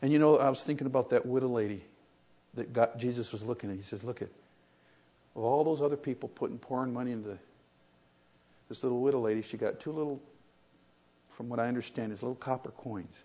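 An older man preaching a sermon, telling stories that swing from loud, excited retellings to quiet reflection. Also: fast talker, pauses often. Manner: storytelling, rises loud and high in excitement, drops to soft and low when reflective.

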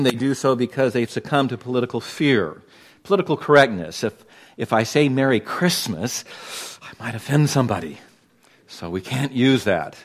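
A man from Los Angeles preaching a sermon to his congregation, pointed and emphatic, leaning hard on key words. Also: medium pitch. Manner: emphatic, pointed preaching with sudden loud stresses. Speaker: pastor.

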